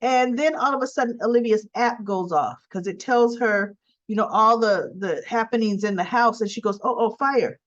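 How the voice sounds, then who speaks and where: A woman's voice: a little high, moderate pace, fairly bright tone. A woman recapping a soap opera episode in a chatty, rambling way full of fillers and asides. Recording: dull lo-fi sound.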